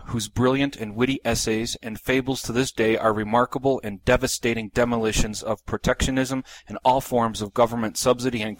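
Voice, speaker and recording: A man hosting a podcast, reading a prepared introduction in a steady, plain manner. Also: medium pitch, no echo, rough recording. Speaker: podcast host. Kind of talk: scripted introduction.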